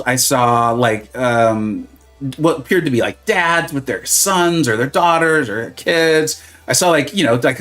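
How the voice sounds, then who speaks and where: A middle-aged man from Southern California, chatting casually and rambling on a gaming livestream with plenty of fillers. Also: a little high. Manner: rambling, animated storytelling with many fillers and restarts.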